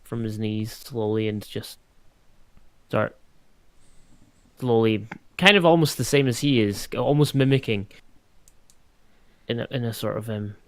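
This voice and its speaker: A man's voice: mid-range voice, a little slow, pauses often, no room sound. A man playing a tabletop role-playing game, describing his character's actions tentatively with lots of "I think" and "kind of". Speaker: player.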